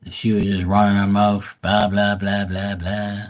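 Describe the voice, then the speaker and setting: A man talks in a low voice. He rants profanely, mocking people and slipping into put-on voices to quote them. His delivery is a loose, drawling, exasperated chat. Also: monotone, a little slow. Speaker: viewer chatting on a live tarot stream. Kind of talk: casual ranting chat.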